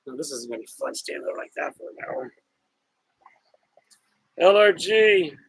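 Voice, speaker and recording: A man hosting a casual outdoor live stream, greeting viewers by name in a chatty, upbeat way with drawn-out shout-outs. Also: on the high side, animated, breathy edge, no room sound, low-quality recording. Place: outdoors on a hot day with a fan.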